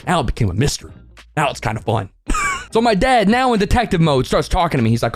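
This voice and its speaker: Young male vlogger, comedic storytime, lively swooping delivery, joking tone. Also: fairly high pitch, fast talker, soft background music. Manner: animated, joking, laughs through the telling.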